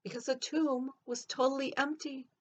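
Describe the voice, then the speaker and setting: A woman playing Mary Magdalene, telling her own story in an earnest, expressive first-person monologue. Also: high-pitched, normal speed, lightly acted.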